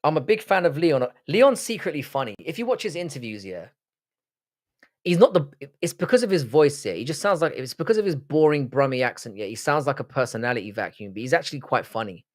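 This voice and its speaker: A man's voice: medium pitch, big pitch swings, brisk. A young man from Cork with an Irish accent, hosting a casual livestream and answering viewer comments in a blunt, sweary, rambling way. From Ireland. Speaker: livestream host. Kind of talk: casual live-stream chat reading viewer comments.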